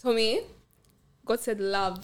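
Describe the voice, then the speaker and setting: A young woman with a fairly high voice in a relaxed group chat. She talks in a reflective way, pausing and hunting for the right word. She turns loud and laughing when she starts a rant. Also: a crowd in the background. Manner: thoughtful, searching for words, many fillers. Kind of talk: casual chat.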